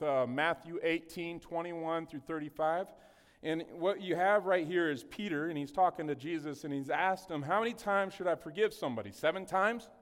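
Man preaching in a reverberant hall. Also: a little high. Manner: animated, conversational preaching with asides and humor. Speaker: pastor. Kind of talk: sermon. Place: church sanctuary.

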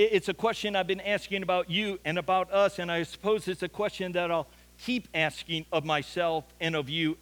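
A man preaching a sermon to his church, with a rather high voice for a man. He tells the story earnestly and doubles back on words when he presses a point. His voice carries a long reverb from a large church hall. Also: a bit bright. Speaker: pastor.

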